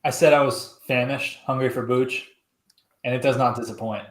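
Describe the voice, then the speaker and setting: Relaxed man co-host, echoey room. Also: mid-range voice, moderate pace. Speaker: podcast co-host. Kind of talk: casual chat on a live stream.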